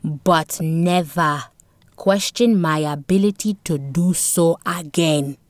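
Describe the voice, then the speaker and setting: A woman voicing a proud, stern male village chief who speaks in a commanding, measured way in a storybook audiobook. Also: low-pitched, no echo.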